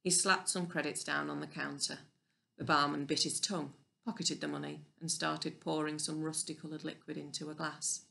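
A woman reading a children's novel aloud in a clear, even storybook narration. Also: deep voice, normal speed. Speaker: audiobook reader.

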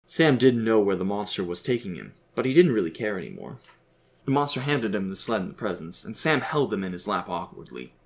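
Low-voiced male storyteller. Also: big pitch swings, brisk. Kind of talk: scripted story narration.

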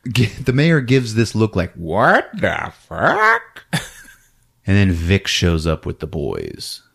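Animated laughing man recapping a movie. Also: sits low, measured pace, vocal fry. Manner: animated, laughs often, acts out characters. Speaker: podcast host recapping a film.

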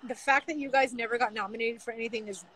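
A woman joining a live stream over a video call, chatting excitedly and expressively. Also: on the high side, fast, a crowd in the background, poor audio.

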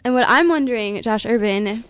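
A woman's voice: on the high side, normal speed, smooth, dry recording. A woman hosting a casual radio show in a studio, upbeat and giggly as she talks with her guest over a studio microphone. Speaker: radio host.

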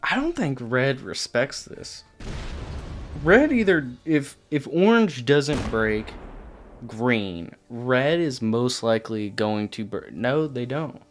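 A man's voice: mid-range voice, lively intonation, slow, faint music behind. A man commentating on his own gameplay, exasperated and swearing casually as he talks straight to the opponents on screen. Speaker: gaming channel host.

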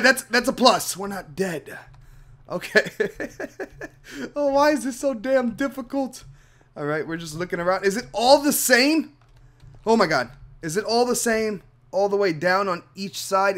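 A man hosting a Minecraft let's play, shouting and yelping at the falls, then muttering to himself as he works out each puzzle and talks to viewers. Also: high voice. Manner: excitable, yelps and shouts at falls, then mutters while thinking. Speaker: gaming channel host.

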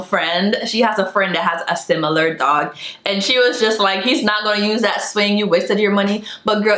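A woman's voice: medium pitch, a bit bright, echoey room. A young woman chatting casually to her viewers in a home vlog, gushing over each thing she shows. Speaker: vlogger. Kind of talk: casual haul vlog chat.

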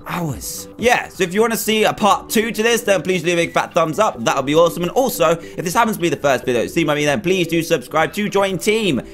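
A young man giving excited gameplay commentary as a YouTuber, exclaiming and groaning at every near-miss. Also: fairly high pitch, quick pace, few pauses. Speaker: gaming YouTuber. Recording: faint game music behind.

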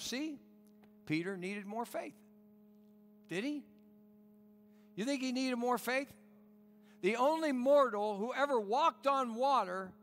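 A man's voice: very high-pitched, a bit bright, long reverb tail. A man pastor preaching a sermon in an earnest, pleading way with rhetorical questions.

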